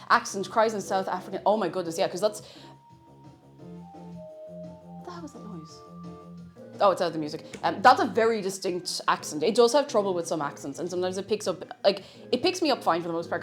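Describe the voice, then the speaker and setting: A woman live-streaming from her home kitchen, chatting casually as she cooks and reading chat messages aloud. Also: medium pitch. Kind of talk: casual chat while cooking. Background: faint music.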